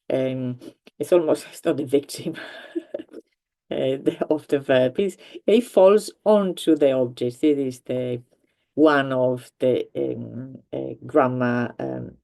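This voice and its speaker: A woman's voice: extremely low pitch, creaky, warm tone. A woman teaching a language grammar lesson, explaining patiently with many ums and restarts. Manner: patient, repeats points for learners.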